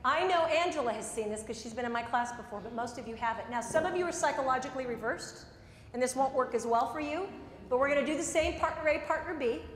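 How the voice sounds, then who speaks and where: Brisk high-voiced woman coaching a workshop. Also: a little hiss or hum. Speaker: workshop trainer. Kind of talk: live workshop lecture and demo. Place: meeting room before a group. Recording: echoey room, mic at a distance.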